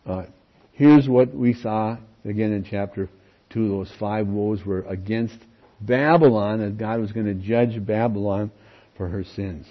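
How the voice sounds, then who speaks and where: A man's voice: lowish voice, measured pace, lo-fi sound. A pastor preaching a sermon in a conversational way, often checking in with his listeners. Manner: conversational preaching with frequent "okay?" check-ins.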